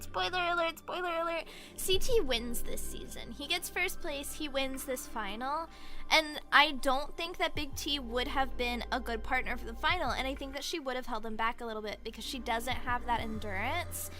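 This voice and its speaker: A woman streams in casual chat, her voice pitched high and ringing bright. She rambles excitably through her retelling and leans on "like" at every turn.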